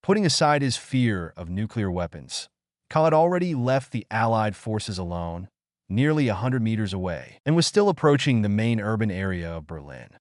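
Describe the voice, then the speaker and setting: A man with a low voice reads an audiobook in steady scripted narration. His pitch moves in a lively way, and the recording is close and dry. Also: moderate pace, no echo.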